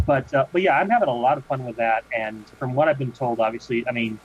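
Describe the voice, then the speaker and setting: In a dull, lo-fi recording with a faint hiss, a podcast co-host with a medium-pitched, slightly rough voice talks fast in a relaxed chat. He rambles and frequently starts his sentences over.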